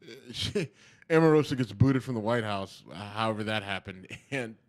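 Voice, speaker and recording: In relaxed podcast chat, a middle-aged co-host meanders along, leaning on ums and you-knows. He has a lowish voice and speaks at normal speed.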